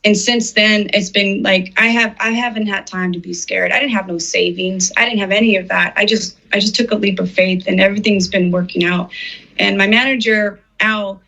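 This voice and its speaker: A woman's voice: medium pitch, fairly even intonation, normal speed, gravelly, pushed and bright. A middle-aged woman being interviewed, telling her personal story in an earnest, emotional way and acting out the words of people she quotes. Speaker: interviewed artist. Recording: slightly dull, muffled audio.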